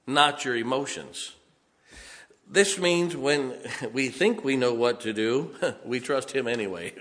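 Man, pastor, sermon, folksy storytelling, chuckles often, mid pitch, reverberant hall. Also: fairly bright tone.

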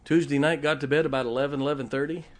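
A man's voice: a little high, steady tone, very fast. A man preaching a sermon as pastor, telling folksy stories and joking with his congregation.

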